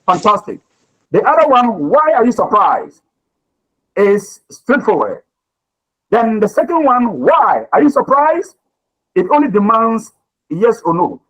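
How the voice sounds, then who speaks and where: A man's voice: high-pitched, sing-song, unhurried, pauses often, a bit bright, poor audio. A man teaching a communication class, lecturing and questioning students, often repeating his words.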